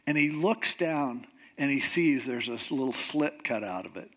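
A man preaching in a casual, conversational way, retelling a scripture story with slang and lively asides. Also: mid-range voice, measured pace.

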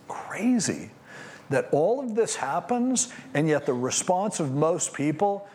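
A man pastor preaching a conversational sermon on scripture, animated and acting out what people might say. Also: on the high side, takes it slowly, slight background noise.

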